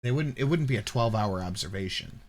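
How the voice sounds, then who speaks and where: A man's voice: lowish voice, lively intonation, quick pace, a crowd in the background. A man hosting a reaction commentary, sarcastic and skeptical. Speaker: commentary host.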